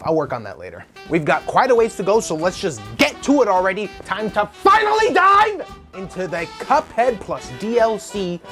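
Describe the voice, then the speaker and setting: A man reviews game music in a casual, jokey way and pokes fun at himself. His pitch swings up and down a lot as he talks. Soft music plays faintly behind him. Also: moderate pace. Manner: animated, jokey and self-mocking. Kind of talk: casual soundtrack review commentary.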